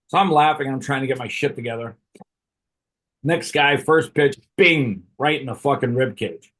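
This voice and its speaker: A man's voice: medium pitch, a bit bright. A middle-aged man telling a rambling, profane story in casual chat, often laughing as he goes. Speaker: podcast host.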